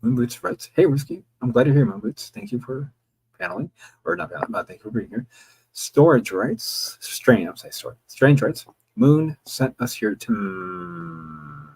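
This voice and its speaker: A man's voice: mid-range voice, very animated, moderate pace, gravelly, a little mellow, a little hiss or hum, rough recording. A man streaming live, reading viewer chat messages aloud and answering them in a casual, joking way with the odd swear word. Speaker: livestreamer.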